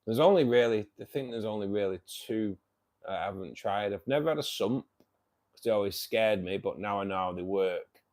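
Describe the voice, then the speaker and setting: Jokey man, lowish voice. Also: moderate pace, darkish tone. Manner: jokey, laughs often, teasing. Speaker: host of a fishkeeping livestream. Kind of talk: casual chat reading viewer comments.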